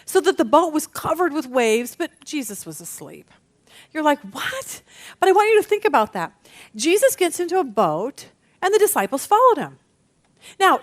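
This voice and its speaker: A middle-aged woman leads a women's Bible study in a high, bright-pitched voice that swings widely up and down. She acts out quotes with energy and doubles words as she launches into each thought.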